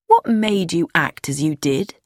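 A woman reading an audiobook, voicing a kindly male police inspector who asks calm, probing questions. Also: fairly low pitch, unhurried, no echo, studio quality.

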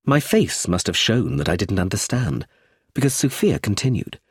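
A man reading a first-person story aloud in an expressive, lilting narrator's manner at a close mic. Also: on the low side, normal speed, breathy edge, no room sound. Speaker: audiobook narrator.

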